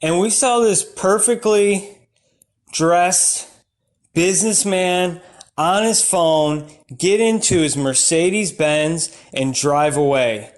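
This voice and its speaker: A man doing rambling, absurd stand-up comedy in a deadpan way, breaking into sudden shouted outbursts. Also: high voice, slow.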